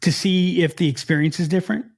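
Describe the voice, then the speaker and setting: A man co-hosting a casual podcast, with a slight Mid-Atlantic American accent, talking in an animated way with frequent restarts. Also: sits high, fast, vocal fry. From United States. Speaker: podcast co-host. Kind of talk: casual chat.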